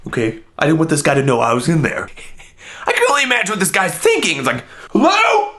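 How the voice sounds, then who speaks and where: An excitable man tells a comedic story in a high, bright voice. His pitch leaps up and down constantly as he narrates. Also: fast talker.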